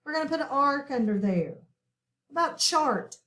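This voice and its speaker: A woman teacher giving a step-by-step phonics lesson to children, speaking slowly and clearly. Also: high-pitched, lively intonation, a bit bright. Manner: slow, clear, step-by-step instruction. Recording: echoey room, far from the mic, noisy.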